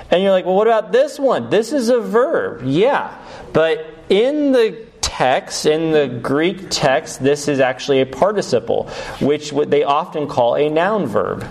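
A man preaching a teaching sermon to his congregation, explaining points step by step and asking the listeners questions. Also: medium pitch. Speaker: pastor.

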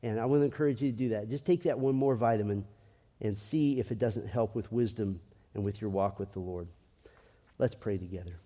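A male pastor delivers an earnest, conversational sermon, circling back and restarting his sentences as he talks. His voice is mellow and dark, with a middle pitch. It rings with long reverb from a church sanctuary. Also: a little fast. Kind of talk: sermon with closing prayer.

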